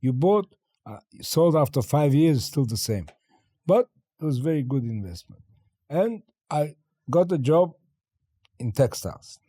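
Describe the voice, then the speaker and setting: A lively older man from China tells stories in an interview and acts out every exchange in voices. His pitch jumps high and low, his tone is dark and mellow, and the room sounds dry. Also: measured pace, pauses often, no room sound. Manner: animated storyteller acting out dialogue, laughing often. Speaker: guest. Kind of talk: interview storytelling.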